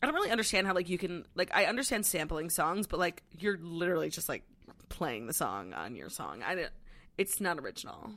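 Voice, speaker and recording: A woman's voice: on the low side, sing-song, fairly quick, fairly bright tone. A young woman co-hosting a casual pop-culture podcast, chatty and sarcastic, swearing freely. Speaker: podcast co-host. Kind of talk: casual chat.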